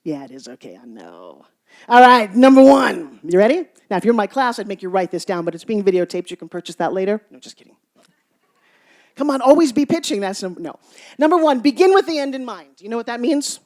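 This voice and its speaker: Woman, motivational stage speaker, playful and teasing, animated, loud bursts and hushed asides. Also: medium pitch, quick pace. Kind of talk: stage speech to a live audience.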